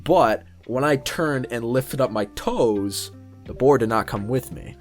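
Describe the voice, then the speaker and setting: A young man co-hosting a podcast, telling a story in casual chat, animated and swearing freely as he acts out what people said. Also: mid-range voice, a little slow, faint music behind. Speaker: podcast co-host.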